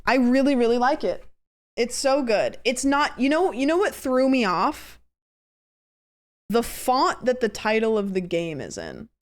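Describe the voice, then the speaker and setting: A woman's voice: fairly high pitch, sing-song, a little slow. A young adult woman streaming a horror game, joking casually and reading the game text aloud. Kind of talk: casual gameplay commentary.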